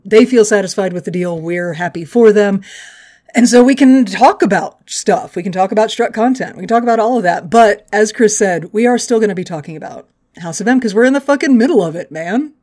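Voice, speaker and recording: A woman's voice: mid-range voice, darkish tone. Woman cohosting a podcast, jokey, swears a bunch, laughs easy, mid voice. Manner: joking, swears freely, laughs often. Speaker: podcast co-host. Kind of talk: casual chat.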